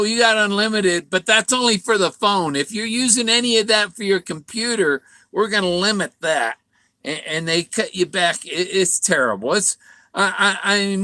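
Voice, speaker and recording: A man's voice: sits high, expressive, normal speed, bright, forceful tone, dry recording. A man rambling through a casual monologue, stumbling and repeating words, sometimes mimicking other voices. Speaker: vlogger.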